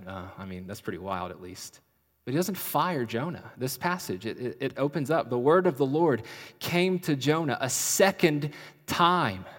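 A man preaching a sermon as a pastor, with a dynamic delivery that swings between loud emphasis and soft, hushed passages. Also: medium pitch. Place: church sanctuary. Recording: long reverb of a large hall.

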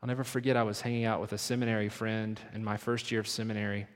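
A man preaching a sermon as pastor, pressing points hard, then dropping to hushed, slowed phrases. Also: lowish voice, flat delivery. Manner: emphatic, swinging from loud urging to hushed, slowed phrases. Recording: long hall reverb.

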